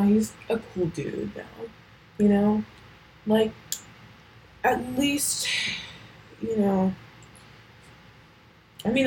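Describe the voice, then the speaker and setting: A woman's voice: medium pitch, a little mellow, a little hiss or hum, low-quality recording. A teenage girl talking casually on her own podcast at home, rambling with lots of fillers and casual swearing. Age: late teens. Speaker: podcast host. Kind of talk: casual solo podcast chat.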